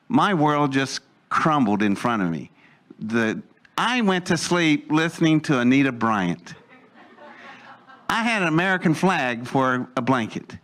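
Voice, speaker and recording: A man telling a personal story in an animated way, acting out the voices of the people he quotes. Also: mid-range voice. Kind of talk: storytelling anecdote.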